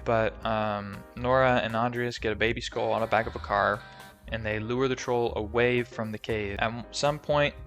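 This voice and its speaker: A young man with a bright, forceful voice, recapping a film in a loose and jokey way. He rambles and leans on fillers, with soft music playing behind him. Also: mid-range voice. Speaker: movie recap YouTuber. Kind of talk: casual movie recap. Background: faint background music.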